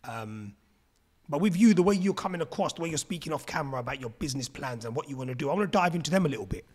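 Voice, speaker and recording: A podcast host with a slightly high, husky voice. He talks in a laid-back way, asks his questions loosely and calls his guest "bro" all the time. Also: expressive, racing. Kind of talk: casual podcast interview.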